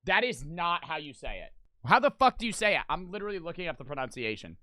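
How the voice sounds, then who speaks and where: A young man riffing on old commercials in a high, bright voice with plenty of bite. He swears freely and swings into loud disbelief. His delivery is casual and unpolished. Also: very animated, fast, no echo. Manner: loud, profane, incredulous outbursts. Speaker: streamer reacting to old commercials.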